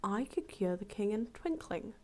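A woman voicing a boastful male turtle who wants to seem wise, smooth-talking and persuasive in a storybook reading. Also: mid-range voice, lively intonation, moderate pace, close to an everyday voice. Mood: boasting.

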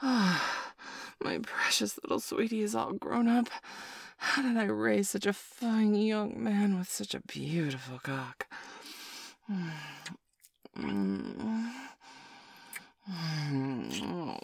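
A woman voicing a breathy, possessive adult woman. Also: fairly low pitch, no echo, studio quality, heavily acted. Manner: breathy, moaning, partly whispered. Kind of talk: adult audio role-play.

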